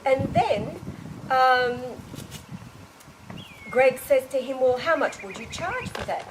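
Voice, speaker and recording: A woman with a slightly high voice tells a spiritual story in a loose, chatty way. She slips into other people's lines as she goes and breaks into laughter often. Faint noise sits under the recording. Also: slow, long pauses, low-quality recording. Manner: animated retelling, acts out dialogue, laughs often. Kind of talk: casual spoken testimony.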